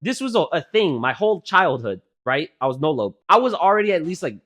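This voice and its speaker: A man's voice: a little high, brisk. A man in his twenties, a podcast co-host, telling rambling, profane stories in casual chat, full of fillers. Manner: rambling, profane, animated storytelling with many fillers.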